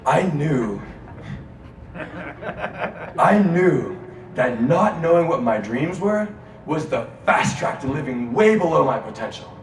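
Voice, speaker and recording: A man giving an inspirational speech to a live audience in a student lounge, rousing the crowd into call-and-response chants and swinging between loud and hushed delivery. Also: fairly high pitch, very animated, measured pace, pauses often. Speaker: motivational speaker. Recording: roomy, distant mic, audience and room noise.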